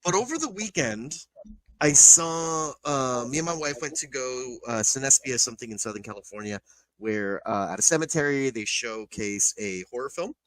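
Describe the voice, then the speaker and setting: A man's voice: mid-range voice, animated, moderate pace, a bit bright, low-quality recording. A man co-hosting a podcast in casual chat, rambling emotionally with lots of fillers and swearing. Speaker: podcast co-host.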